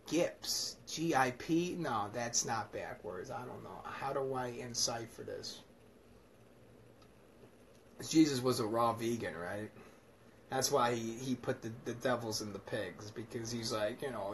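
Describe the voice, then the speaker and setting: A man's voice: medium pitch, unhurried, slight background noise. Irreverent profane preaching man. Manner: profane, rambling and joking. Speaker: self-styled preacher. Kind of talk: irreverent comedic scripture commentary.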